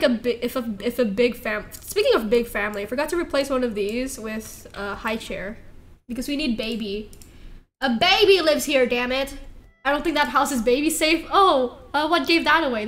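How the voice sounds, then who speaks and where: A woman's voice: sits high, expressive, fairly quick, a bit bright. A woman streaming a game, chatting casually in a rambling, giggly way and laughing often. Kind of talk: casual live-stream chat while playing.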